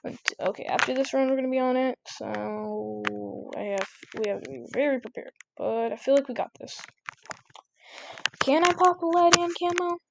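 A woman giving casual, chatty commentary over her gameplay, getting excitable and repeating exclamations when things get tense. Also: high-pitched, moderate pace, vocal fry, noisy background.

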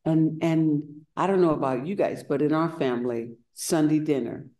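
At a retreat center, a woman meditation teacher gives a dharma talk in a deep, warm voice. She tells stories unhurriedly and acts out the voices of the people she quotes.

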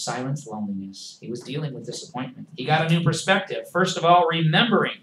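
A man preaching a sermon as pastor, swinging between forceful emphasis and hushed, quiet passages. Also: a little high, echoey room, a little hiss or hum, rough recording.

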